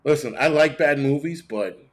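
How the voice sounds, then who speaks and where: A man's voice: moderate pace, a little hiss or hum. Profane, rambling man ranting on a livestream. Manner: blunt, profane and rambling, with frequent restarts; animated, jumping between high and low pitch when ranting. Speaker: host of a prepping channel. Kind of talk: casual livestream chat, reacting to viewer comments.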